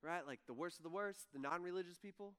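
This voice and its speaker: A man's voice: high-pitched, fast talker, fairly bright tone, clear, resonant tone. A man preaching a sermon in a casual, conversational way, acting out the people he quotes. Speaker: pastor. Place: church hall with audience.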